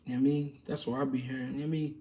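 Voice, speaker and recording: A man's voice: mid-range voice, flat delivery, racing, warm tone, far from the mic. A man hosting a livestream, answering viewer questions in casual, slangy boxing chat with loose street talk and many fillers.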